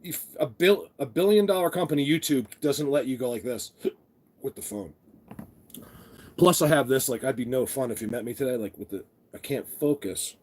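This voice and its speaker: Man, husky voice, groggy, rambling live-stream chat, phone mic. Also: mid-range voice, lively intonation, moderate pace, darkish tone. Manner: rambling, loses his train of thought, greets viewers by name. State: groggy, just woke up. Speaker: vlogger hosting a live stream. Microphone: phone camera.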